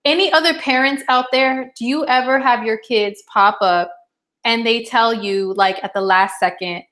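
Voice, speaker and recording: This astrologer, a woman in her thirties, has a fairly high pitch and a moderate pace as she chats casually about horoscopes. Animated and chatty, she acts out bits of dialogue and laughs frequently.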